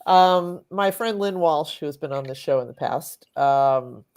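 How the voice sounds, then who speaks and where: A woman journalist on a panel, blunt and quick to laugh. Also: sits low, darkish tone. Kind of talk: casual panel chat.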